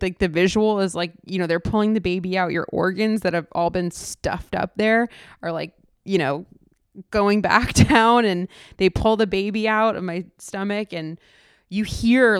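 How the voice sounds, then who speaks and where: A woman's voice: medium pitch, clear, resonant tone, no echo, studio quality. A young woman telling her birth story in a casual, emotional way, full of fillers and restarts. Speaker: podcast host. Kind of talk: personal storytelling.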